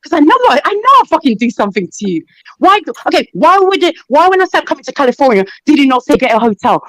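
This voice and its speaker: A woman's voice: high voice, sing-song, quick pace, no room sound, poor audio. A woman from Jamaica on a live online talk panel, teasing and flirting crudely in casual banter over a computer mic on a call.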